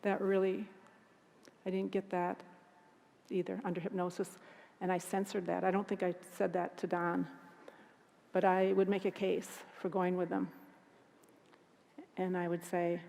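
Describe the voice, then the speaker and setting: A woman speaking at a conference. She tells a personal story in an earnest, halting way with frequent restarts. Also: on the low side, little pitch movement, gravelly, mellow. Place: conference hall. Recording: long hall reverb.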